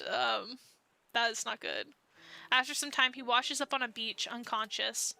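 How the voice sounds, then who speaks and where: A young woman streamer reading a dating-sim story aloud, expressive, breaking off into excited asides. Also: fairly high pitch, measured pace, vocal fry, faint music behind.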